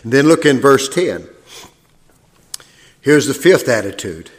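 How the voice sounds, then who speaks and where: A man preaching a sermon in a church, folksy and plain-spoken, building into loud, high-pitched preaching. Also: big pitch swings, measured pace. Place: church sanctuary. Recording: long reverb of a church hall.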